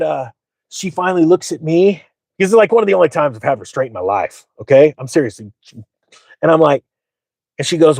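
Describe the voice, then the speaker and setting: A man's voice: fairly high pitch, lively intonation, fairly quick, a little mellow, no room sound. A middle-aged man hosting a finance channel, telling a rambling, boastful story with lots of fillers. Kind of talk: casual storytelling monologue.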